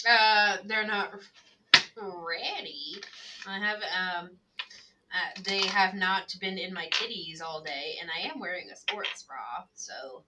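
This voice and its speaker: A woman's voice: lowish voice, takes it slowly, distant mic, very noisy. A woman casually telling friends a long story in a rambling way, filling her talk with "like", her voice a little away from the microphone. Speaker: tabletop game player.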